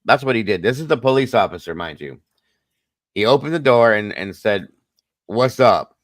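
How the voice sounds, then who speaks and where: A man's voice: on the low side, animated, fairly quick, no echo. A middle-aged man hosting a casual livestream chat, telling a personal story earnestly and talking straight to his viewers. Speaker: host.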